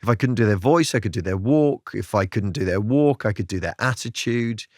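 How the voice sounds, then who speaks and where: A comedian talks in a low voice that swings a lot in pitch, reflective and self-deprecating. The sound is dry and close, with no room around it. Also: male voice, a little fast, no room sound. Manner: reflective, self-deprecating, lively with bursts of laughter. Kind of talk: candid interview chat.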